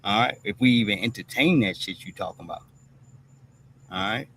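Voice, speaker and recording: A man's voice: on the low side, moderate pace, a bit bright, a little hiss or hum. Blunt, profane man on a stream. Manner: blunt, profane, keeps asking "all right?". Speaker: host. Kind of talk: streamed commentary monologue.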